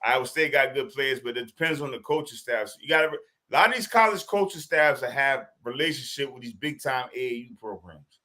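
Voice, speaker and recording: A man's voice: mid-range voice, a little fast, sharp tone. A man with a Boston accent talking sports on a casual podcast, profane and emphatic, often laughing as he tells it. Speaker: podcast co-host.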